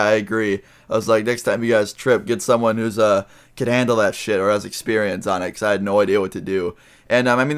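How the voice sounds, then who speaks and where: A young man telling a story straight to his viewers, rambling along with lots of filler words. His voice sits a little low. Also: a bit bright. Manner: rambling, full of "you know" and "I mean". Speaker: vlogger. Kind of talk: casual storytelling to camera.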